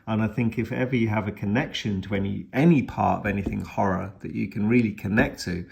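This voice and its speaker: Gravelly low-voiced man recapping a film. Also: brisk, darkish tone, a little hiss or hum. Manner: rambling, retells the plot with many restarts and fillers. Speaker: film reviewer. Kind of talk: casual spoken film review.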